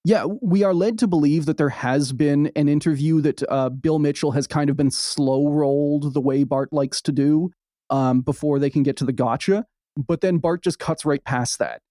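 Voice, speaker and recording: A man co-hosting a podcast, talking fast and wry as he recaps, with quick asides. His voice sits fairly high but sounds mellow and warm. The sound is dry and close, with no room around it. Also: no echo. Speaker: podcast co-host. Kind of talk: casual podcast chat.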